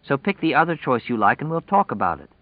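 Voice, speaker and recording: A man voicing a sharp-tongued young pregnant woman, cool and sarcastic in her replies. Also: mid-range voice, very animated, quick pace, no echo, phone-quality sound, pitched above the performer's own voice, close to an everyday voice.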